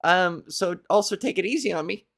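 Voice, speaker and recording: A woman's voice: fairly low pitch, expressive, fairly quick, gravelly. A woman comedian hosting her own podcast, rambling through a profane comic monologue.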